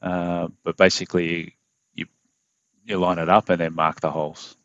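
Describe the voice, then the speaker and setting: A man with an Australian accent giving a casual step-by-step car install tutorial as a voiceover, in a self-described monotone with plenty of fillers. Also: sits low, no room sound, dull audio. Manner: monotone, plain and unhurried, with fillers. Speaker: DIY car install host. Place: home studio voiceover.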